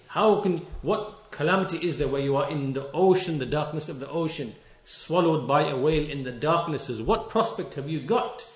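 A man preaching a sermon, stressing key words and repeating them, reciting scripture verses quickly in between. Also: on the high side, reverberant. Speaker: Islamic preacher.

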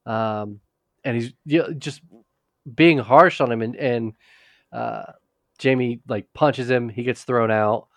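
A man's voice: medium pitch, measured pace, gravelly, a bit bright, no echo. Man, podcast co-host, casual rambling recap, frequent restarts, dry close sound. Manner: rambling, restarts often, quotes characters in passing. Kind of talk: casual chat recapping a TV episode.

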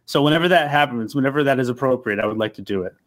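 A man playing a tabletop game, animated and comic, often speaking in character. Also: medium pitch, very fast. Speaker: player.

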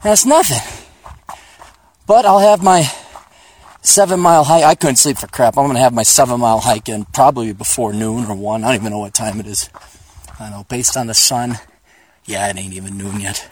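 A man's voice: mid-range voice, a little fast, pauses often, darkish tone, slightly rough. A man hosting a podcast, rambling in a profane, sarcastic, joking way while out on a hiking trail, recorded on a phone. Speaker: podcast host. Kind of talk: casual rambling monologue.

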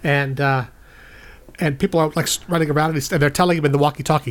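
A man's voice: a little high, fairly even intonation, fast talker. A man, a guest podcast host, improvising a playful bedtime story and acting out the characters' lines in raised voices.

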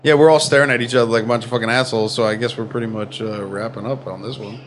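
A man's voice: mid-range voice, fairly even intonation, rapid-fire, noisy background. A man co-hosting a podcast, crude and joking in casual chat, swearing constantly. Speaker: podcast co-host.

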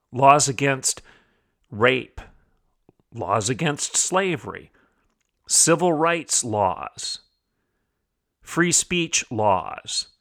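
A man's voice: mid-range voice, bright, forceful tone. A man hosting a commentary show, talking emphatically, repeating phrases for stress and asking rhetorical questions. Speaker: podcast host. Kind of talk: opinion commentary monologue.

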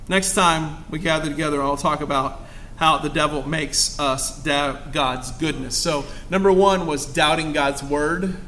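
Man preaching, bright high voice, fervent and emphatic, faint hiss behind. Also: steady tone, a little slow. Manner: fervent, rising to emphatic exclamations. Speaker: pastor. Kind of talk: sermon.

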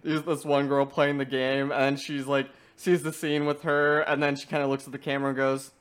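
A young man chatting casually about video games, animated and often breaking into laughter. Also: mid-range voice, brisk, clean tone.

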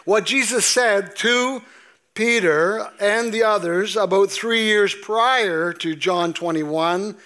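Slow-preaching pastor, high voice. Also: male voice, sharp tone. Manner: slow, deliberate preaching with emphatic drawn-out scripture quotes. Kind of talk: sermon. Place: church sanctuary.

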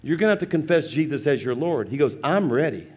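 A man preaching as a pastor, telling a funny personal story with lively, laughing acted-out dialogue. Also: fairly high pitch, quick pace, breathy edge. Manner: animated, humorous, acts out dialogue with laughs. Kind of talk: sermon storytelling.

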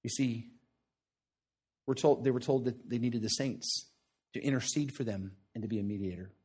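A man's voice: medium pitch, normal speed, a little mellow, slightly rough. A man preaching a sermon in a conversational, earnest way, often checking in with "right?" and repeating short phrases for emphasis.

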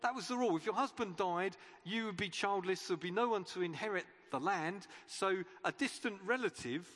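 Male preacher, bright high voice, bouncy delivery, conversational sermon in a reverberant church hall. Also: normal speed. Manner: chatty and animated, with playful asides.

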